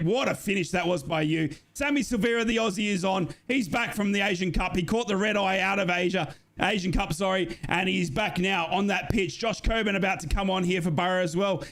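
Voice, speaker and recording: A man commentates a football match live with a high, ringing voice. He is excitable and jokey and breaks into shouts and gushing at the big moments.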